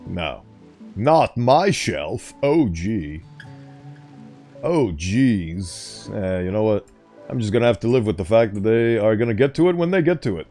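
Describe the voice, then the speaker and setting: A man with a mellow, soft-edged voice that swings up and down a lot, chatting casually over his gameplay. He drifts off on tangents and mutters item names aloud as he goes. Faint game music plays underneath him. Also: on the low side, expressive, unhurried. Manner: rambling, easily sidetracked, reads on-screen text aloud. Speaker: gaming streamer.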